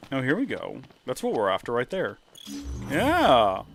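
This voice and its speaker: A man chatting casually over gameplay, animated and prone to high excited exclamations. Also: unhurried, creaky, faint music behind. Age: 30s. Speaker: let's play streamer. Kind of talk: casual gameplay commentary and storytelling.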